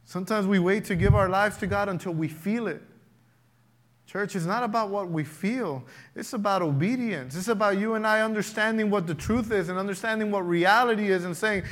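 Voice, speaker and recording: A man preaching to his congregation in a high, ringing voice with a bright, forceful edge. He builds his points in rising waves and slips into acted-out prayers and questions from everyday life. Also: brisk. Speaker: pastor. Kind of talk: sermon.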